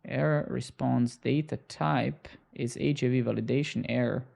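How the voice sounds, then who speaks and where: A man's voice: mid-range voice, fairly even intonation, normal speed, vocal fry, darkish tone. A young man live-coding on stream, bantering sarcastically and swearing at his chat as he works.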